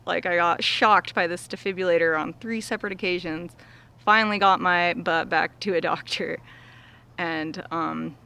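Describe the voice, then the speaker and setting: A young woman vlogger with a lowish, bright, smooth voice and a forceful tone talks earnestly and casually to her viewers. Her heartfelt talk is full of "like" fillers, with small laughs between thoughts.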